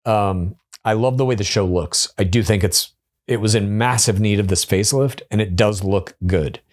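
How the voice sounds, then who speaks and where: A man hosting a casual reality show recap, chatty and opinionated, with quick asides. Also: lowish voice. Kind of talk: casual episode recap commentary.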